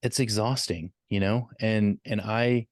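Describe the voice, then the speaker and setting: A man guesting on a podcast with a very deep voice, recorded dry and close. He speaks in a measured, matter-of-fact way. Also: steady tone, dry recording. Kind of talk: casual podcast conversation.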